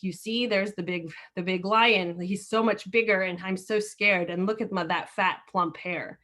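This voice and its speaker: A crafty little hare, frightened and gushing as he pleads, told by a woman on a video call. the voice lifts higher and louder than her plain telling, quick with apologies. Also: steady tone, lightly acted. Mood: scared. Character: cunning frightened male hare.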